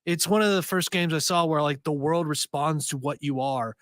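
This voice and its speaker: A man co-hosting a casual podcast chat, enthusiastic and a bit rambling. His voice sits a little high and sounds bright and forceful. The recording is dry and close. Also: normal speed, no room sound. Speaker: podcast co-host.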